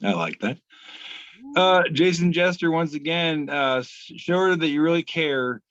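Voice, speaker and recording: A man hosting a casual comedy podcast, reading out memes in a wry, deadpan way with filler pauses. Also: a little high, no echo, muffled recording.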